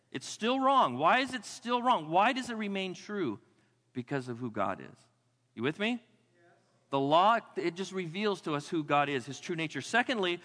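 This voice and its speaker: Middle-aged male pastor, fairly high and bright, animated sermon delivery, reverberant sanctuary. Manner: animated, swings between loud exclamations and low quiet asides.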